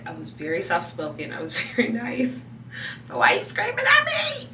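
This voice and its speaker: A woman's voice: recorded from a distance, a little hiss or hum. Echoey woman telling a story. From Atlanta, USA. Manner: animated storytelling, laughs between lines, quotes herself in a higher voice. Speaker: lifestyle vlogger. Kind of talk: casual story time to camera. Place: home room at night, getting ready for bed. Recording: echoey room, voice a bit off-mic.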